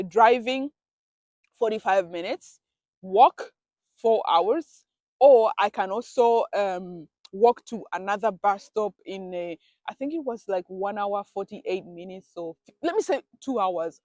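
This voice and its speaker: A woman's voice: mid-range voice, darkish tone, dry recording. A woman telling a casual storytime vlog, chatty and dramatic, often talking to herself. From grew up in a village abroad. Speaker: vlogger.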